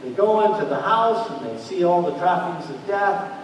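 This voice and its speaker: A man preaching a sermon as a pastor, animated and storytelling, acting out the people he quotes. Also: high-pitched, normal speed, a little hiss or hum. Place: large church hall. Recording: echoey church hall, mic far off.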